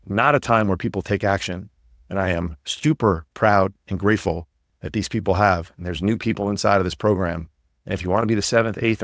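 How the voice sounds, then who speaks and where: A man's voice: fairly low pitch, no room sound, studio quality. A man hosting a podcast, talking in an upbeat, motivational, rambling way. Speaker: podcast host and coach. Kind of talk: casual podcast talk.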